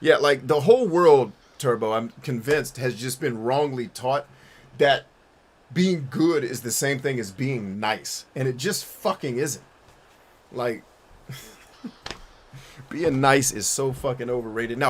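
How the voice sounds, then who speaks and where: A man's voice: mid-range voice, normal speed. A man streaming a game and answering his chat in a blunt, profane, rambling way, often restarting his sentences. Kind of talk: casual chat while gaming.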